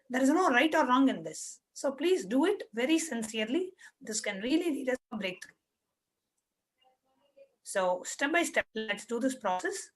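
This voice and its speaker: A woman's voice: sits high, rough recording. A woman guiding an online spiritual workshop, giving patient, repetitive step-by-step instructions. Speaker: workshop facilitator.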